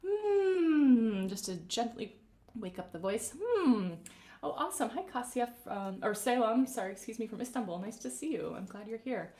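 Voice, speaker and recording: Gentle woman vocal coach, roomy sound. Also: mid-range voice, brisk. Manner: gentle, encouraging, greets viewers by name. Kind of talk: live-streamed vocal warm-up instruction. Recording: roomy echoey live-stream audio.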